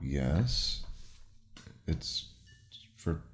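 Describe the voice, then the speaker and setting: A man's voice: rumbling low, very animated, extremely slow, fairly bright tone. A man co-hosting a book podcast, teasing and ranting animatedly and swearing freely. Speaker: podcast co-host and reader. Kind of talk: casual chat.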